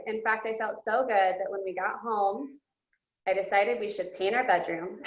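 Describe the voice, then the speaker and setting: A woman's voice: medium pitch, normal speed. A woman guest speaker giving an earnest, emotional personal testimony. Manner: earnest and emotional, with breaks into laughter. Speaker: guest speaker at a coaching session. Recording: roomy, dull lo-fi sound.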